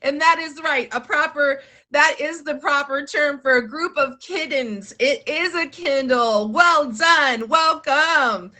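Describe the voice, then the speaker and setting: A woman's voice: high voice, takes it slowly, hardly any pauses, sharp tone. A woman hosting a live show in a bubbly, chatty, playful way. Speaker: host. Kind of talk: casual live-stream hosting.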